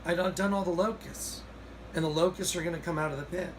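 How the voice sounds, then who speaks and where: A man telling a rambling, excited story in a casual recorded monologue. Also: on the high side, quick pace, noisy background. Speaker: video host.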